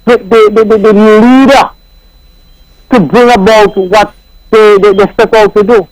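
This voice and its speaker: A man from Nevis, calling in to a radio show. He speaks haltingly and repeats words as he searches for what to say. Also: high voice, fairly even intonation, dry recording, rough recording. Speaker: caller.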